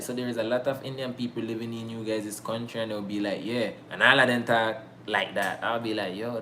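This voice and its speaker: A man's voice: medium pitch, slight background noise. A young man from Nicaragua, hosting a casual, rambling, slang-heavy chat. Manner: laid-back, slangy, rambling with many fillers. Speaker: host.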